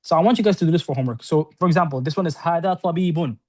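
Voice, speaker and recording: A man teaching an Arabic lesson to a class, explaining quickly and often checking in with "right?". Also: fairly high pitch, a little mellow. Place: classroom with students on-site and online.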